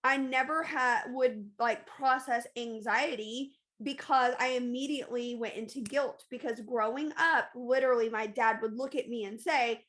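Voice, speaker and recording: A woman's voice: fairly high pitch, normal speed, few pauses, a bit bright. A woman hosting a podcast, talking candidly and emphatically in a casual confessional monologue, often repeating phrases for stress. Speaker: podcast host.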